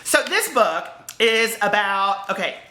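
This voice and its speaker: A man's voice: high voice, animated, takes it slowly, bright, forceful tone. An American man vlogging casually to camera about books, chatty and rambling with lots of asides. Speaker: book vlogger. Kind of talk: casual unboxing chat to camera. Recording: echoey room.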